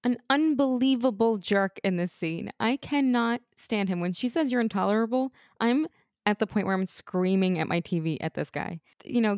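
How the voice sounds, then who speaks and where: A woman co-hosting a casual podcast, animated and opinionated, full of quick asides. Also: mid-range voice, no echo, clean studio sound. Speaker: podcast co-host. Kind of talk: casual chat.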